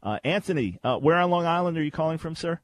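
A man hosting a call-in radio show, telling stories with lively emphasis and repeating key phrases. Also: fairly high pitch, quick pace, no room sound. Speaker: radio host.

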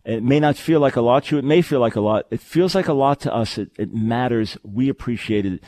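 A man's voice: medium pitch, a little fast, warm tone, no echo. A man hosting a call-in radio show, talking in an earnest, emphatic way and repeating phrases for stress. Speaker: radio talk show host. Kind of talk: call-in radio advice and announcements.

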